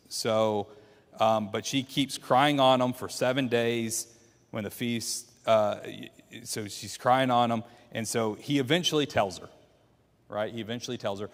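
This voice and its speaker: A man's voice: medium pitch, unhurried. Man, Bible class teacher, quizzing the class, retelling a story, long hall reverb. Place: church classroom.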